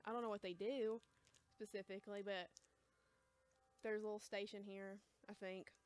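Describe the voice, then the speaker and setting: A young woman with an American accent chatting casually while selling comics on a livestream, hesitant and rambling, calling herself quiet and awkward. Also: mid-range voice, flat delivery, moderate pace. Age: young adult. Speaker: shop livestream seller. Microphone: close mic, chewing gum.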